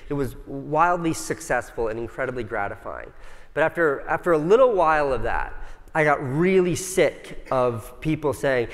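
A man's voice: mid-range voice, lively intonation, moderate pace. Casual man, conference speaker, profane and joking, big hall with long reverb. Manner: casual, profane, self-mocking, chatty with the audience. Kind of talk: casual storytelling talk. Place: large conference hall stage.

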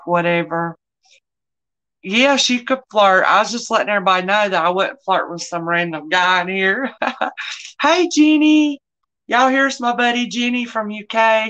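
A woman's voice: lowish voice, fairly bright tone. A middle-aged woman, hosting a live online sale in a chatty, folksy way and greeting viewers by name. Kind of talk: casual live-stream selling chat.

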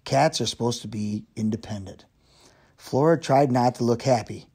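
A man reading a children's novel aloud in steady storytelling narration. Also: medium pitch, moderate pace, slightly rough. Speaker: reader.

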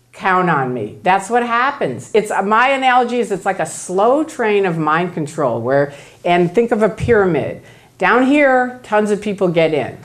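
A woman speaking to an audience in a storytelling talk. Her pitch jumps up and down a lot as she acts out what others said. Her voice sits at a middle pitch for a woman. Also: lively intonation, moderate pace. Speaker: guest speaker.

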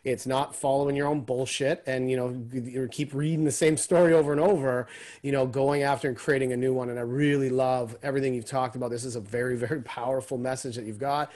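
A man's voice: medium pitch, fairly even intonation, fast, darkish tone. A man hosting a podcast, talking in an enthusiastic, casual way and swearing freely on a remote call. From Canada. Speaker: podcast host. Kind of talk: casual chat.

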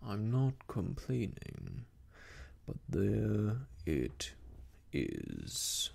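A man voicing a gloomy old male donkey, talking slowly and mournfully in a whispered role-play. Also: on the low side, huge pitch swings, vocal fry, darkish tone, slightly rough, heavily acted. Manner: slow, mournful, self-pitying sighs.

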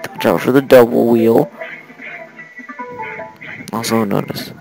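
A man's voice: medium pitch, steady tone, slow pace, vocal fry, poor audio. A thirteen-year-old American boy giving rambling let's play commentary with chatty, giggly asides. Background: faint game music.

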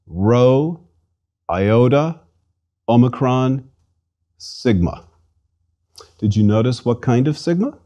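A man's voice: mid-range voice, dark tone. A man giving a scripted language lesson, patiently spelling out letters and sounding out syllables for listeners to repeat. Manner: slow, patient, enunciates each letter and syllable. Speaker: language instructor.

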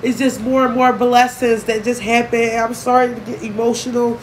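A woman's voice: on the high side, little pitch movement, slight background noise, poor audio. Candid, emotional young woman vlogging. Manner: candid, emotional, profane, fast-shifting. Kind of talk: emotional casual vlog talk.

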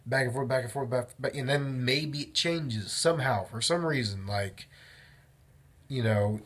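A young man talking casually in his daily vlog, rambling and animated as he tells a story and often interrupts himself. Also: mid-range voice, measured pace, husky. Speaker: vlogger.

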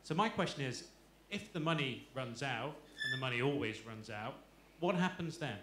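Audience man, bright forceful voice, formal question, roomy hall. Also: medium pitch, lively intonation, slight background noise. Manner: measured, builds an argument before asking. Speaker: audience member asking a question.

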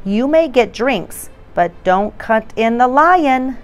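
A woman's voice: on the high side, animated, takes it slowly, voice pushed up. A woman reading a children's storybook aloud, voicing a silly female schoolteacher who mixes up her words with cheerful announcements.

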